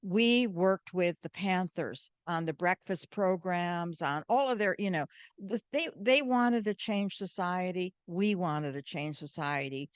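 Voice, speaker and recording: An older American woman, a guest, telling animated stories and acting out the voices in them. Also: lowish voice, unhurried, smooth, no room sound. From United States. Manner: animated, acts out quoted voices. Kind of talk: storytelling interview.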